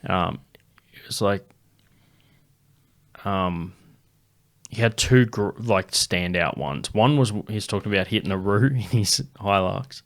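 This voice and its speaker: A man's voice: lowish voice, a little slow, pauses often. An Australian man, a comedian, telling stories in a casual podcast chat and swearing freely. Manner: swears a lot, animated storyteller.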